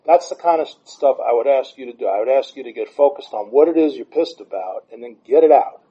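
A man's voice: medium pitch, a little fast, mellow, breathy edge. A man giving blunt, profane recovery advice and telling stories from his own life. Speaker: recovery speaker. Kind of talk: candid advice talk. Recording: dull lo-fi sound.

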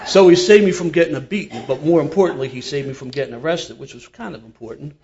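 A man's voice: on the high side, quick pace, few pauses, dull audio, noisy background. Older Philly man spinning a yarn. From Philadelphia. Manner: animated, laughing through his own tale. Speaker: storyteller guest. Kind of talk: casual storytelling.

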